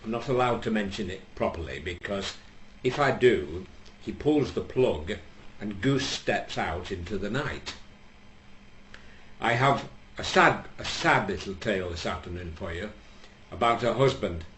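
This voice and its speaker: A man's voice: lowish voice, expressive, unhurried, a bit bright, slight background noise. A man from England telling a joke on stage in a dry, rambling way with hesitations. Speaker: stand-up comedian. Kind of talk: live stand-up storytelling. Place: small venue with audience. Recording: echoey room, faint ambience.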